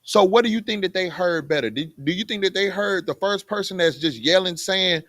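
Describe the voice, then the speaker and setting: Man leading a scripture class, fairly high voice, dry close sound, rhetorical questions. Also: fairly quick, hardly any pauses, a bit bright, no echo. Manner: plain everyday talk with street phrasing. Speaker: Bible class teacher. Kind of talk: conversational scripture teaching.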